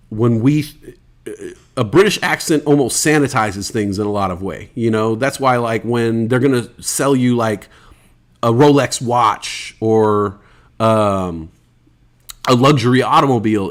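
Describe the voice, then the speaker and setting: An American man hosting a casual solo podcast, rambling loosely, swearing freely and reading out listener comments. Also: medium pitch. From United States. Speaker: podcast host.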